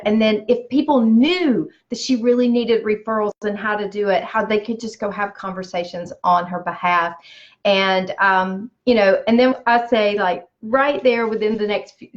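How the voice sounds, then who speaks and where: A woman in business telling a personal story, with lots of animated quoted dialogue. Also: mid-range voice, muffled recording. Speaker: business speaker.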